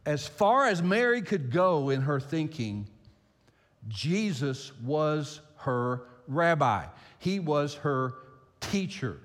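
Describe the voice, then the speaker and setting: Older male pastor, animated sermon delivery with a swinging pitch, recorded in a reverberant hall. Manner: animated storyteller, repeats phrases for emphasis. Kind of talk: sermon with personal anecdote.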